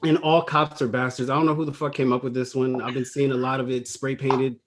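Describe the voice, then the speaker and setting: A man's voice: mid-range voice, flat delivery, fairly quick. A man doing a stand-up comedy set over a video call, talking loosely and conversationally with plenty of slang.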